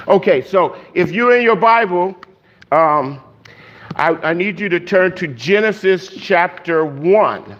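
A man's voice: fairly high pitch, muffled recording. A man preaching a sermon in a conversational way, checking in with the congregation with frequent "okay?". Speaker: pastor.

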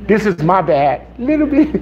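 A man's voice: high voice, lo-fi sound. A man preaching to a church congregation in an informal way, telling stories and acting out quotes, often checking in with "okay?". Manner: storytelling, acts out quotes, asks "okay?".

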